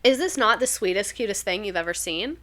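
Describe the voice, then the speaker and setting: A woman's voice: medium pitch, lively intonation, fairly quick, a bit bright. A young woman chatting casually on a live stream, reading viewer stories aloud and reacting to them. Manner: chatty, reads submissions aloud, reacts emotionally.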